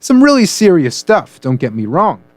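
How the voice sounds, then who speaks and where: A man's voice: high-pitched, wildly swooping pitch, normal speed, dry recording. A man co-hosting a comedy news radio show, joking and punning through the stories. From United States. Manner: jokey, punning, playful delivery.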